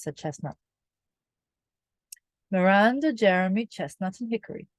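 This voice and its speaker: A woman reading a children's storybook aloud, slow, clear and expressive for young listeners. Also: mid-range voice, dry recording, clean studio sound. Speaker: reader.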